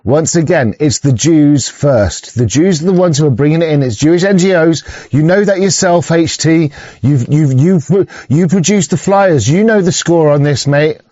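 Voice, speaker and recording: A man's voice: a little high, lively intonation, normal speed, dark tone, dry recording. A man in a profane, rambling monologue, full of stumbles and restarts. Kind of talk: ranting casual monologue. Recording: dull lo-fi sound.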